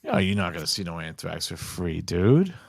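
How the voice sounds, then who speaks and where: A man co-hosting a podcast in casual chat, slangy and quick with short reactions. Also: sits low, very animated, gravelly, dry recording, clean studio sound. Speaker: podcast co-host.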